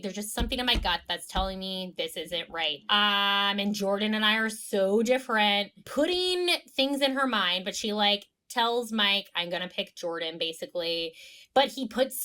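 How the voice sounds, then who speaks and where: A woman's voice: mid-range voice, unhurried. A young woman co-hosting a podcast, chatting casually and acting out quotes with laughter. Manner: animated, acts out quotes, laughs. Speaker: podcast co-host. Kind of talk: casual recap chat.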